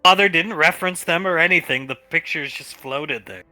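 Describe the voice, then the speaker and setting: A man's voice: a little high, moderate pace, sharp tone, no room sound, soft background music. A man running a live-streamed tabletop role-play as game master, wry as he narrates the characters' actions.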